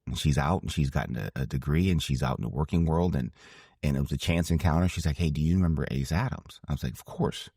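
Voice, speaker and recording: A fast-talking man in his forties with an extremely low, warm, husky voice shares a heartfelt story as a podcast guest during an interview. Formerly a ballplayer and broadcaster, he is earnest and emphatic, often repeating phrases for weight. The recording is dry with clean studio sound.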